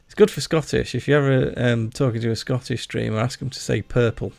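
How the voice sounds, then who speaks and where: A man with a broad Yorkshire accent chats loosely through a gaming livestream, joking and rambling as he answers his viewers. His voice carries a gravelly rasp. It is picked up close and dry, with faint music playing underneath. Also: mid-range voice, steady tone, a little fast, darkish tone, no room sound. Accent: Yorkshire English. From Yorkshire, England. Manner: chatty, jokey, rambling, talks to chat. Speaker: livestream host. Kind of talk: casual gaming livestream chat.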